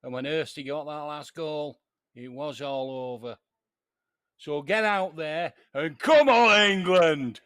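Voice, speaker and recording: A man's voice: mid-range voice, steady tone, measured pace, pauses often, clean tone, no echo, lightly acted. Blunt Middlesbrough football manager, a man doing the voice, rousing team talk, dry close sound.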